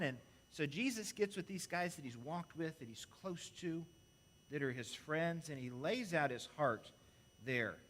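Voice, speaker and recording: A man's voice: a little high, animated, moderate pace, a bit bright. Man preaching an earnest sermon. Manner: earnest, with rhetorical questions to the congregation.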